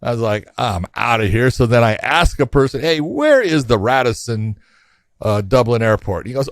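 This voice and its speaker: A man's voice: mid-range voice, normal speed, dry recording. A middle-aged man, co-host of a combat sports podcast, telling a long travel story in casual chat and laughing as he acts out the exchanges. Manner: animated anecdotes, laughs often, acts out quoted exchanges.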